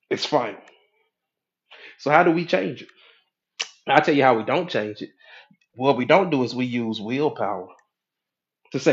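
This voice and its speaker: A man's voice: medium pitch, expressive, a little fast, muffled recording. A male hypnotherapist and coach giving a casual teaching talk in colloquial speech, acting out the mind's inner voices.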